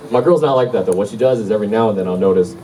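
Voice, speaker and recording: A man in his forties doing a loose, swearing stand-up set and telling stories, with sudden shouted impressions. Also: lowish voice, very fast, noisy background. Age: 40s. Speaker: stand-up comedian. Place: club or hall with a live crowd. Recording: distant mic in a roomy hall, loud crowd.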